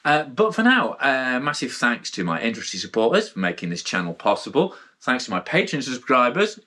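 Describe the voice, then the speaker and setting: A man's voice: medium pitch, big pitch swings, fairly quick, pushed and bright. A man with a British accent hosting a casual spoken gear review, frank and rambling, with blunt asides and frequent restarts. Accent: British English. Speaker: mountain bike gear reviewer, channel host.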